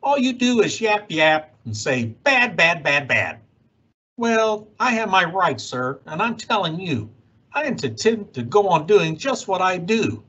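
A man's voice: high voice, big pitch swings, a little slow, bright, forceful tone, breathy edge, highs cut off, full character voice. A man voicing a greedy, stubborn businessman who rants defiantly. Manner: defiant, insistent ranting.

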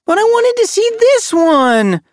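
A man voicing an eager, excitable young male cat apprentice in an audiobook, with a high wailing voice. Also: a little slow, no echo, studio quality, exaggerated voice. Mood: whiny. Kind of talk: audiobook character voice.

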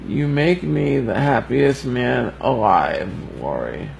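A young man giving a halting, heartfelt birthday message on a livestream while fighting back tears. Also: mid-range voice, vocal fry, darkish tone, slight background noise, rough recording.

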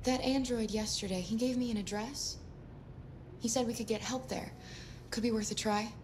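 An actress voicing a gentle, protective female android in a video game, speaking softly and reassuringly. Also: a little high, steady tone, moderate pace, lightly acted. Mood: worried.

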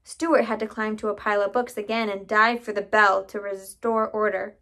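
A woman reading a children's chapter book aloud in a steady storytelling way. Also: medium pitch, moderate pace. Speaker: reader.

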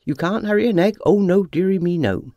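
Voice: mid-range voice, brisk, warm tone, no echo, studio quality, lightly acted. A storyteller voicing a fussy, kindly hen who clucks and stutters when frightened. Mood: fussing. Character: flustered clucking mother hen, fussy and kind.

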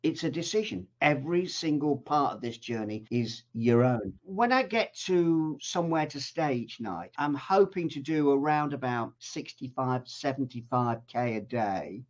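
An older man from southern England, an author and TV presenter, telling a travel story with exuberant, animated energy and quaint exclamations. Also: medium pitch, unhurried, hardly any pauses, muffled recording. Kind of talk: enthusiastic storytelling talk.

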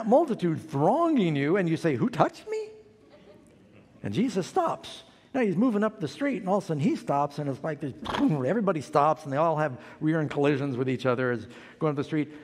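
A man's voice: on the high side, long reverb tail. An older man preaching a sermon as pastor, telling a story and acting out the quoted voices.

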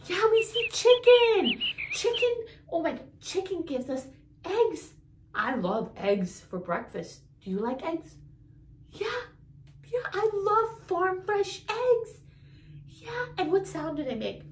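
High, lively woman teaching toddlers. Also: takes it slowly, far from the mic, noisy background. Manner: sing-song, coaxing questions to children; imitates animal sounds. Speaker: children's teacher. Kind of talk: toddler learning video. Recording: echoey room, voice off-mic.

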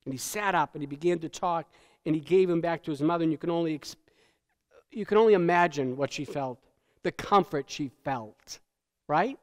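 A male pastor preaching a sermon in a church, emphatic and dynamic, swinging between loud peaks and hushed lows. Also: normal speed. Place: church sanctuary. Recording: long church hall reverb.

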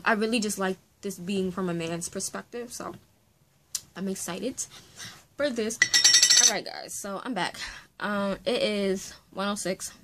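Chatty woman book vlogger, low-pitched. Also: a bit bright. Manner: chatty, enthusiastic, many fillers. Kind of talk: casual reading vlog chat.

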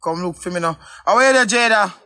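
Dude on a live stream, sharp bright voice, joking around, shout-outs, faint hiss. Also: male voice, high voice, fast. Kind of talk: casual livestream chat.

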